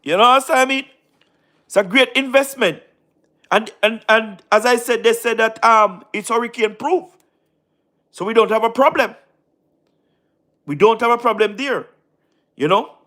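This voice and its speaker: A man's voice: extremely high pitch, a little slow, pauses often, bright, forceful tone. A man with a Jamaican accent hosting a casual live stream, tired, mixing patois into his talk and repeating his points as he answers viewers by name. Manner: repeats phrases, mixes in patois, talks to chatters by name.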